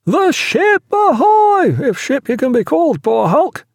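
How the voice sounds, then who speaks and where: A man's voice: very high voice, sing-song, fairly quick, creaky, mellow, no echo, clean studio sound, voice pushed up, full character voice. A man voicing a tall, mocking young male midshipman hailing another ship. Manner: hailing, scornful.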